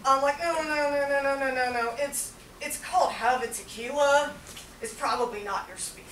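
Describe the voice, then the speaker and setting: A brash, crude young man rambles on about his dating life, stuffing every sentence with fillers and swear words, as a woman acts him out on stage. The voice sits fairly high, and it is picked up from far off in an echoey theater room. Heavy noise hangs over the whole recording. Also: normal speed, a bit bright. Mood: flustered. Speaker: solo performer. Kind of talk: stand-up character monologue. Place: small theater with live audience.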